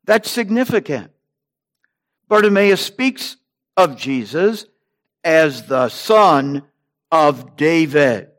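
A man preaching a sermon, slow and deliberate, rising in emphasis on repeated phrases. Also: fairly high pitch, expressive.

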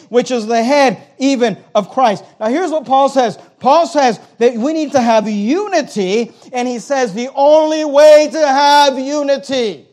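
High-pitched pastor guy, middle-aged, preaching hard then going quiet. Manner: emphatic preaching with sudden drops to a hush. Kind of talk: sermon.

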